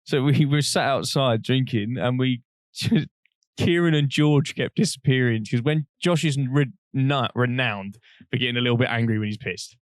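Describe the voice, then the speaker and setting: A young man, co-hosting a podcast and telling rambling, animated stories while laughing often. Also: mid-range voice, normal speed, dry recording, studio quality. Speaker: podcast co-host. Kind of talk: casual storytelling chat.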